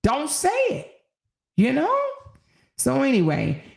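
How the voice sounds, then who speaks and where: Speaking slowly with vocal fry, an older woman hosts a casual livestream chat for her channel, preachy and emphatic as she rises into exhortation. Her voice sits high and sounds a little mellow yet very animated, and she peppers her talk with "you know".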